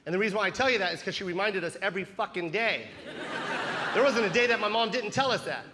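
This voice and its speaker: A man doing stand-up, telling a story loudly and animatedly with lots of cursing. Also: high voice, fast talker, noisy background. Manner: loud, animated, profane. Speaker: stand-up comedian. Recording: comedy club hall with audience laughter.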